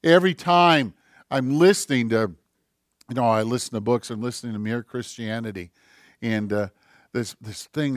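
A man preaching a sermon as pastor, impassioned, swinging from loud emphasis down to near-whispers. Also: mid-range voice, normal speed, no echo, studio quality.

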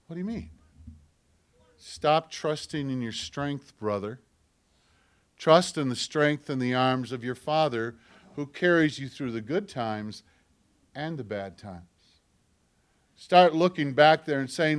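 A male pastor preaching a sermon in an earnest, personal storytelling way, swinging from loud emphatic lines to hushed near-whispers. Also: mid-range voice, lively intonation, unhurried, pauses often.

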